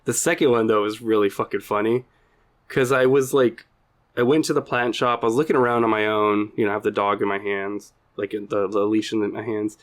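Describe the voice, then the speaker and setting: A man co-hosting a podcast, telling a rambling anecdote in casual chat, with lots of fillers and quick laughs. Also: fairly low pitch, fairly even intonation. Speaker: podcast co-host.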